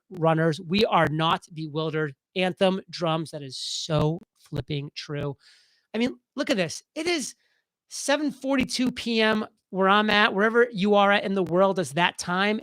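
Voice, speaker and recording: A man hosting a casual live stream, talking fast and excitedly as he reads viewer comments aloud. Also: sits high, dry recording, rough recording.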